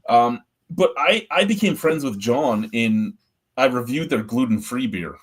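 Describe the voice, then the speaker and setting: A man's voice: medium pitch, animated, a little slow, breathy edge. Blunt, profane man telling stories. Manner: blunt, profane, rambling storyteller. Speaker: host of a beer review show. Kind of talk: casual storytelling chat.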